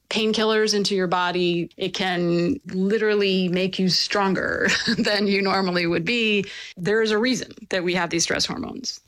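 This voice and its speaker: A woman being interviewed as an author, explaining and telling stories in a lively, casual way with fillers. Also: lowish voice, no echo. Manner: animated, storytelling with fillers and laughs.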